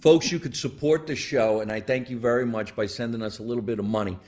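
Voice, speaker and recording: A man's voice: mid-range voice, fairly even intonation, quick pace, a little mellow. Joking, cursing male podcast host. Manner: joking, laughs often, swears freely. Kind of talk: casual live-stream chat. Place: basement studio.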